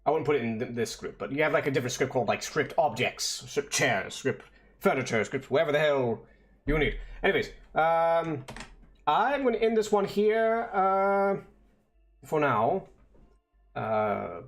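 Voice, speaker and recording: A man's voice: fairly high pitch, very animated, moderate pace, soft background music. Man muttering through code, swearing. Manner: mutters to himself, swears, frustrated debugging; explains code step by step. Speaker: vtuber streamer. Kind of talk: casual coding stream talk.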